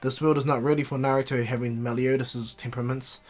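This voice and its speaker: A man's voice: medium pitch, steady tone, quick pace, lightly acted. A man voicing a sly older sorceress who muses in a knowing tone. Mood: musing.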